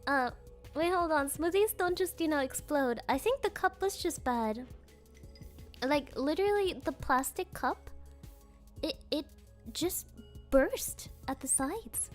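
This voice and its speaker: A woman's voice: high-pitched, animated, slow pace, faint music behind. A young woman streamer chatting casually with her viewers, telling rambling stories full of fillers and giggles. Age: young adult.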